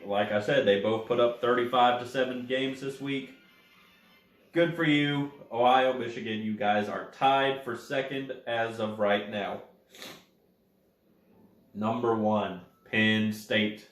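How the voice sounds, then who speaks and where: Slow-talking man ranking college football teams. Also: mid-range voice, reverberant. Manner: chatty, addresses teams directly, corrects himself. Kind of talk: casual sports commentary.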